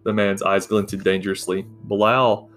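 A man reading a fantasy novel aloud at an unhurried pace, with small slips he corrects as he goes. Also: on the low side, little pitch movement, a bit bright, soft background music. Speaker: audiobook narrator.

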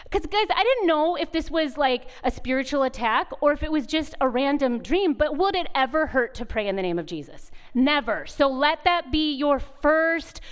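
A woman in her thirties speaking at a retreat, telling a lively story as a sermon and acting out voices in the quotes. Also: high voice, moderate pace, hardly any pauses.

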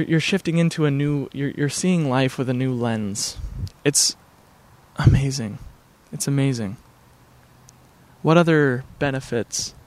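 A man in a casual vlog, talking to camera at home near his backyard, rambling in an earnest, laid-back, spiritual way with many fillers. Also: fairly high pitch. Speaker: vlogger.

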